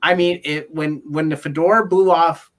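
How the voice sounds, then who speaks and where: A man's voice: a little high, fairly even intonation, normal speed, a bit bright. A man co-hosting a casual film podcast, ranting in an exasperated way and quoting his own reactions. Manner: exasperated, ranting with mock quotes. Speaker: podcast co-host.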